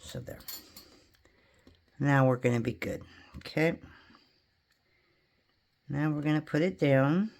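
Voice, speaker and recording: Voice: medium pitch, slow, gravelly, pauses often, a little mellow. Chatty home crafter talking through a clay project. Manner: chatty, self-deprecating, talks to viewers while working. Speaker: polymer clay craft tutorial host. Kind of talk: casual thinking-aloud craft demonstration.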